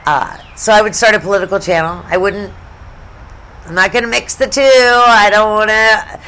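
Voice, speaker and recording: A woman's voice: mid-range voice, fairly quick, fairly bright tone. A middle-aged woman from the United States telling stories in a casual sports vlog, chatty, blunt and profane, with asides. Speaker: sports vlogger.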